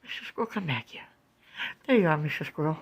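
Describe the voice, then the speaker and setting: With a low, breathy-edged voice and a quick pace, a woman narrates a casual home vlog on her phone, describing the view out her window. She's animated, cooing and exclaiming as she talks to her viewers as "guys."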